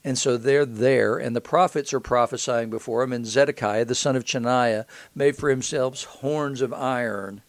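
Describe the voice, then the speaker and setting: A man's voice: mid-range voice, steady tone, normal speed, hardly any pauses, no echo. A man preaching an expository Bible sermon, retelling scripture in plain conversational talk.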